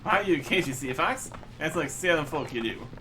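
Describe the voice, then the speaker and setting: A man voicing a rowdy, boozy middle-aged sailor who rambles cheekily in rough old-salt dialect. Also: fairly high pitch, expressive, normal speed, noisy background, close to an everyday voice. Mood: boisterous.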